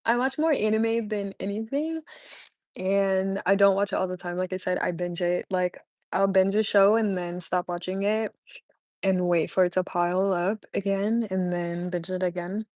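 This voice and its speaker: A woman's voice: mid-range voice, steady tone, moderate pace, darkish tone, dry recording. A young woman chatting casually with her viewers on a live stream. She is bubbly, laughs often and answers questions from the chat. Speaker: livestreamer.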